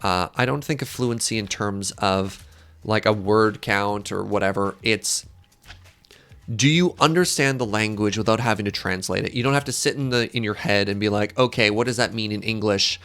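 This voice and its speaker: Gravelly-voiced man streaming with chat. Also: lowish voice, normal speed, a bit bright. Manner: joking, self-deprecating, chats with viewers. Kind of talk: casual live-stream chat while gaming.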